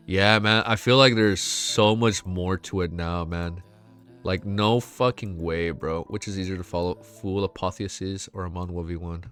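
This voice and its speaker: A young man with a stuffy nose reads a story aloud on a live stream and reacts to it between passages. His voice is bright and forward, he swears freely and gets excitable, and he sounds on the edge of tears. Faint music plays underneath. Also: deep voice, normal speed. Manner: excitable, swears a lot, laughs often. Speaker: streamer reacting to a web novel.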